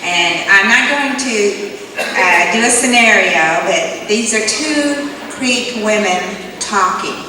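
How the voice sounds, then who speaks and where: A woman telling stories to an audience in a plain, conversational, explanatory way. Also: medium pitch. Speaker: storyteller. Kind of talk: storytelling talk to an audience. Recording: echoey hall, distant mic, noise.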